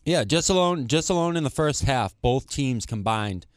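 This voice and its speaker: A man's voice: mid-range voice, expressive, moderate pace, no echo, studio quality. A young man, co-hosting a podcast with blunt, brash sports talk. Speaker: podcast co-host. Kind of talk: casual chat.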